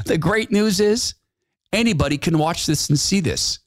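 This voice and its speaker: A man's voice: high voice, unhurried, no room sound. A man hosting a talk radio show, delivering a sarcastic, mocking opinion monologue and laughing at his own jabs.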